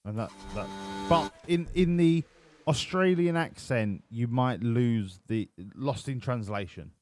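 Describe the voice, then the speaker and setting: A man's voice: mid-range voice, takes it slowly, soft background music. A man giving casual, sweary, joking commentary while live-streaming a racing management game.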